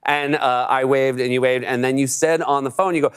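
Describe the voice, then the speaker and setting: A man's voice: medium pitch, fairly even intonation, smooth. A middle-aged man hosting a talk show, chatting casually with guests and joking easily. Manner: chatty, quick to joke and laugh. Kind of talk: casual interview chat.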